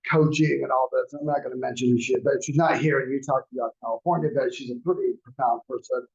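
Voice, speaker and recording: Man, classroom lecture, conversational and rambling, gravelly, muffled recording. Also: medium pitch, darkish tone. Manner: conversational, rambling with restarts and fillers. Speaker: real estate class instructor.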